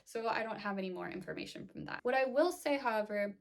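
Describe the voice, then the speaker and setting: Woman, mid-pitched, casual vlogger; breezy, flippant recap delivery, peppered with "like.". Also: lively intonation, fast. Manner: chatty, flippant, filler-heavy with frequent "like".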